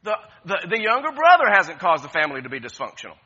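A man's voice: sits high, wildly swooping pitch, fast, few pauses, pushed and bright, husky, lo-fi sound. A man preaching a sermon with passion, repeating phrases and restarting often. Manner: impassioned, repetitive preaching with many restarts. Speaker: pastor.

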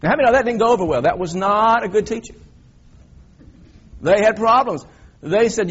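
A man preaching a sermon as a pastor, telling the story in an animated way and swinging between loud emphasis and quiet reflection. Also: sits high, brisk, slightly rough, lo-fi sound.

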